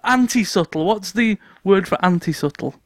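A man's voice: sits high, lively intonation, moderate pace, no room sound. A man co-hosting a casual podcast, who tells anecdotes and laughs often as he goes. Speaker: podcast co-host.

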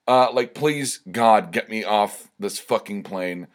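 A young podcast host goes solo here, speaking slowly in a lowish voice. Tipsy after some shots, he drifts through a casual monologue, swearing and stammering as he works himself up.

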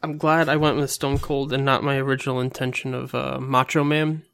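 A man's voice: mid-range voice, level tone, brisk, creaky, a bit bright, clear, resonant tone. A man from New Jersey, joking around casually as a player. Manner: joking, easygoing. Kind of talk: casual chat.

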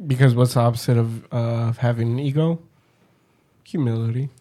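A man's voice: medium pitch, fairly even intonation, fairly quick, mellow, a little hiss or hum. A man in casual chat who argues his point heatedly and swears freely. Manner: heated, profane and argumentative.

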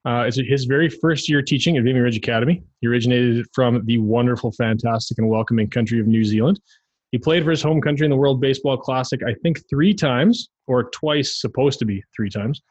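Husky podcast co-host. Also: male voice, medium pitch, a little fast, a little mellow, no echo, highs cut off. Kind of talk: casual podcast chat.

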